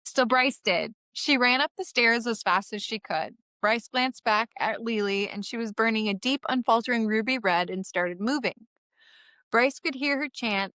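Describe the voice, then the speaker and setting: A woman's voice: a little high, moderate pace, pushed and bright, no echo. A woman co-hosting a podcast, giving an irreverent, swearing chapter recap while close to tears. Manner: irreverent and swearing, often laughing through tears. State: emotional, close to crying. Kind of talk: casual podcast recap, reading a comic chapter summary.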